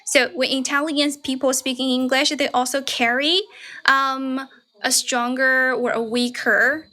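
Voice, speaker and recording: A woman's voice: high voice, flat delivery, unhurried, bright, forceful tone. A woman with a Chinese accent coaching a caller on a livestream from her grandmother's home, encouraging and asking tag questions. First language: Mandarin Chinese. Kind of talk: live-stream coaching chat. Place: home room, grandmother's house.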